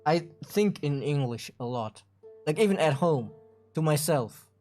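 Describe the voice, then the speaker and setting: A man from Germany, a native German speaker, chatting in English on a livestream, thoughtful and a little halting. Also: fairly high pitch, lively intonation, a little mellow, soft background music. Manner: thoughtful, halting, repeats words when starting. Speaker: game developer co-host. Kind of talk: casual livestream chat.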